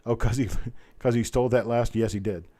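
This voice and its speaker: This auctioneer runs an online coin sale live, his medium-pitched voice steady and warm. He speeds through bid calls in a chant and then chats in a relaxed, folksy way.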